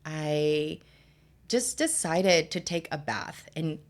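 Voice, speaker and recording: Candid young woman, lower voice, "like" fillers. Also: animated, slow pace. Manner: candid, heavy use of "like" fillers. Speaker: podcast guest. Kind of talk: personal storytelling in conversation.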